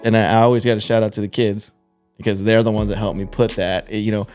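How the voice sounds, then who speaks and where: A man's voice: fairly low pitch, level tone, quick pace, a little mellow, faint music behind. A young man hosting a podcast, telling stories in a loose, slangy, casual way with lots of fillers. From Texas. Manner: laid-back storytelling, lots of slang and fillers. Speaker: podcast host. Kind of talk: casual chat.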